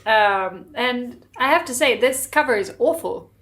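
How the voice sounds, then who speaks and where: A woman co-hosting a podcast, chatting casually and telling rambling, animated stories with frequent restarts. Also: a little high, measured pace. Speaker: podcast co-host. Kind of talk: casual chat.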